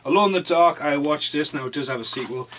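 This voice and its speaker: A man's voice: fairly high pitch, fast, background noise. A man, reviewing movies in a casual, rambling vlog full of swearing. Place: dim room at home.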